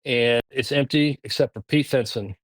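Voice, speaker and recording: A man's voice: medium pitch, dry recording. Southern man telling a story. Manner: animated, halting, lots of restarts. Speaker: podcast guest. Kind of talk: casual storytelling.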